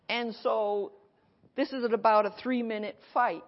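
A woman pastor preaching an animated sermon at a conference and acting out her dialogue, recorded in an echoey hall. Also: on the high side, slow, pauses often. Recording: echoey hall, dull sound.

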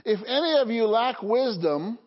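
Pastor, male, high voice, call-and-response sermon, dull lo-fi recording. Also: lively intonation, moderate pace. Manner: call-and-response preaching, frequent "Okay?" and "Amen?".

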